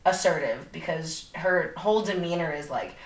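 A woman's voice: low voice, normal speed. A young woman co-hosting a podcast, retelling a movie plot in casual, profane chat, full of fillers. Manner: profane, animated storytelling with lots of fillers. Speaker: podcast co-host. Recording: echoey room.

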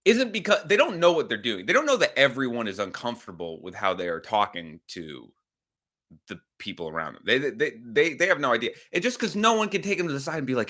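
A man's voice: medium pitch, sing-song, a little fast, pushed and bright. A man hosting a podcast livestream, rambling casually with some swearing and reacting to chat comments. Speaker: podcast host.

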